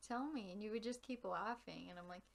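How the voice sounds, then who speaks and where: Brief: young woman co-host, giggly and animated, fry in the voice, casual chat. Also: medium pitch, fast talker. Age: young adult. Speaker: podcast co-host.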